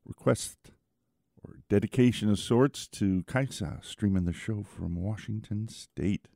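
A middle-aged man hosting a radio music show, talking in a laid-back, chatty way with lots of small pauses. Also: on the low side, vocal fry, warm tone, no echo, clean studio sound. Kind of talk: casual radio show patter.

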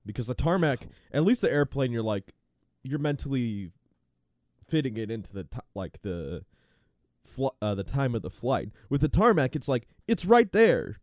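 A man in casual chat, chiming in with halting asides that restart mid-thought. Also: medium pitch, sing-song, darkish tone, no room sound, studio quality.

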